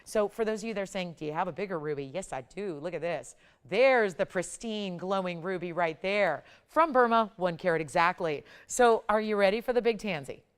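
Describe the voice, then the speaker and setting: A woman's voice: mid-range voice, animated, moderate pace, clear, resonant tone. A woman hosting a live jewelry shopping broadcast, with upbeat, pushy sales patter. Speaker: shopping channel jewelry host.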